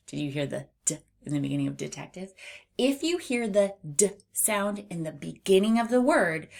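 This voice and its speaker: A woman leads a children's phonics lesson at an unhurried pace. Her voice sits a little low, and she exaggerates each sound clearly. She drops in playful asides to keep young listeners engaged. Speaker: phonics teacher.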